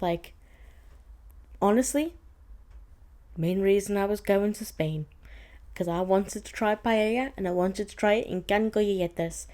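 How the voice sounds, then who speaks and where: Mellow-voiced woman telling a story. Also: fairly low pitch. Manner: chatty and exasperated, with frequent "like" fillers. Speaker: podcast host. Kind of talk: casual storytelling chat.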